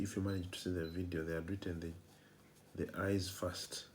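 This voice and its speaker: A man's voice: sits low, little pitch movement, moderate pace, a little hiss or hum. A man giving a math lecture, repeating his phrases and posing rhetorical questions to the class.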